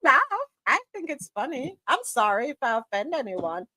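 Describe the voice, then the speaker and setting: A woman's voice: on the high side, very animated, moderate pace, pushed and bright, dry recording. A woman with a Jamaican accent chatting casually and animatedly, laughing as she imitates ways of speaking. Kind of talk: casual chat.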